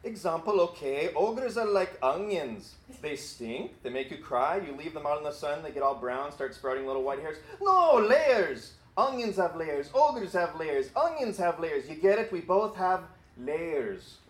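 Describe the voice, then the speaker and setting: A man voicing a chatty, excitable talking male donkey in a higher, rambling voice. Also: moderate pace, hardly any pauses, echoey room, close to an everyday voice. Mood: excited. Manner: rambling, high-pitched and excited. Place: church building.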